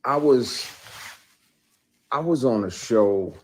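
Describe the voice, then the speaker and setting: A man telling a personal story, emphatic, swinging between quiet intensity and loud outbursts. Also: mid-range voice, expressive, slow pace, slightly rough. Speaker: actor telling his story. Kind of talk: heated personal account, clip.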